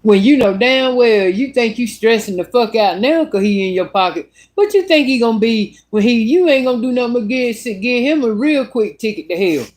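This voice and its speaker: A woman's voice: on the high side, normal speed, hardly any pauses. A woman telling a story in a casual vlog monologue, blunt and full of cussing. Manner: blunt, profane, animated. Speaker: vlogger.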